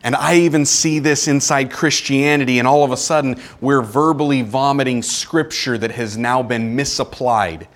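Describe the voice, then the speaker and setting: A man preaching a sermon as pastor, animated, with acted-out quotes and sudden drops to a quiet tone. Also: medium pitch, moderate pace, hardly any pauses.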